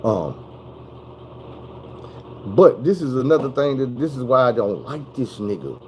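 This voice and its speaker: A young man telling a story in a casual, animated, profane way. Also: medium pitch, a little slow, slight background noise, low-quality recording. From Arkansas.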